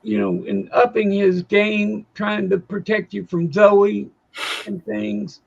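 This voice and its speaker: A man's voice: sits high, little pitch movement, slow pace, gravelly, breathy edge, highs cut off. A man co-hosting a casual livestream chat, drawling and easygoing. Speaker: co-host.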